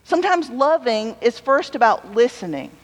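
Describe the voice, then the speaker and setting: A woman preacher giving a sermon in a relaxed, conversational way, telling stories with humorous asides. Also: a little high, moderate pace. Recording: long hall reverb.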